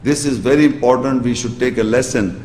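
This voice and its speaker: A man's voice: medium pitch, fairly quick, a little mellow, a little hiss or hum. A man giving an emphatic religious lecture and reciting Arabic verses. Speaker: Islamic lecturer. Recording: echoey hall reverb.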